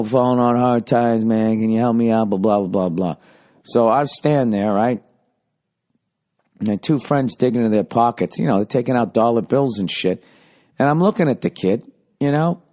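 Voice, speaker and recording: A man hosting a podcast, telling a comic story in a rambling, profane, conversational way with constant "you know"s. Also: medium pitch. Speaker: podcast host. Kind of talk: casual comedic storytelling monologue.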